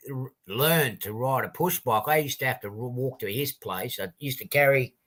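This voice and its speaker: A man's voice: medium pitch, fairly bright tone. A middle-aged man with an Australian accent hosting a casual livestream, greeting viewers one by one in a rambling, friendly way with plenty of ums. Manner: rambling, chatty greetings to viewers with many fillers. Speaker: livestream host.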